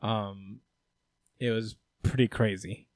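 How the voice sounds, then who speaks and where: A man co-hosting a podcast, casually recapping a comic storyline with rambling asides, laughs and quick character voices. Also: fairly low pitch, fairly even intonation, no room sound. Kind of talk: casual comedic recap chat.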